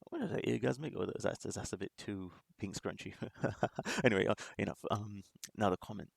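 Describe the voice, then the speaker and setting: A man's voice: on the low side, a little fast, gravelly, no echo. A man hosting a reaction video, talking in casual commentary that rambles with restarts and small laughs.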